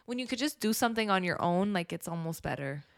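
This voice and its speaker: A woman's voice: fairly low pitch, expressive, gravelly. Laid-back young woman co-host. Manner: supportive listener, quick agreements, casual swearing. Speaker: podcast co-host. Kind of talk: casual chat.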